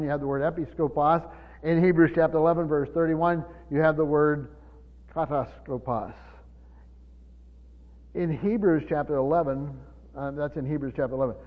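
A man preaching a Bible-teaching sermon, stumbling over repeated words and asking the congregation questions. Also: fairly high pitch. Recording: dull hall recording with reverb.

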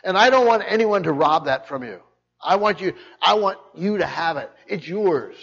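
A man's voice: expressive, moderate pace, gravelly, fairly bright tone, husky. An older man preaching a sermon, emphatic, often repeating words and restarting his sentences. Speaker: pastor. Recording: muffled low-fidelity recording.

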